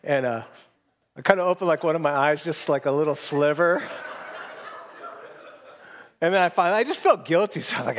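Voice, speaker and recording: A man preaching a sermon in a conversational, self-deprecating way, acting out quoted lines in hushed voices. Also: fairly high pitch, brisk. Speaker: pastor. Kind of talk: sermon with personal stories.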